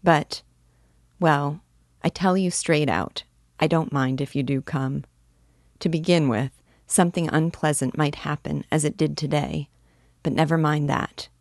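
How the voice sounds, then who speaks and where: Woman reader as a guarded young woman; firm, measured, low and close. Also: no room sound. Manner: frank, measured, gently firm. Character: frank, cautious young woman, warm but firm. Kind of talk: audiobook dialogue reading.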